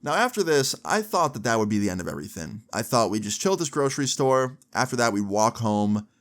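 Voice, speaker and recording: A man's voice: mid-range voice, very animated, fairly quick, fairly bright tone. A young man telling a long story to camera in a casual, swearing, filler-heavy way. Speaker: storytime vlogger.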